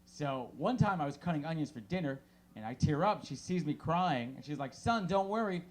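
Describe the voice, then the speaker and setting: A man in his thirties works a small bar crowd with deadpan one-liners. His voice sits high and swings widely in pitch, and he talks into a handheld stage mic. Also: a little fast. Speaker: stand-up comedian. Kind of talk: stand-up comedy set.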